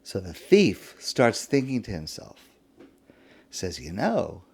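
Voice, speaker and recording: Animated male rabbi telling a parable. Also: fairly low pitch, slow pace, slightly rough. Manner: animated, expressive storyteller. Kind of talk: sermon storytelling.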